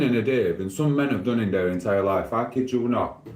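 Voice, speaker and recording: A man's voice: on the low side, moderate pace, a little mellow, echoey room. A man from Sheffield with a Sheffield accent, live-streaming in casual chat, reading out viewer comments and answering them in a cheeky, rambling way. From Sheffield, England. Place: home living room.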